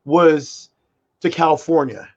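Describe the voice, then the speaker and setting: A man's voice: on the high side, takes it slowly, muffled recording. A young man in his twenties, co-hosting and telling rambling stories in casual chat, full of fillers. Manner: excitable storyteller, many fillers like "like" and "freaking". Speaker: podcast co-host.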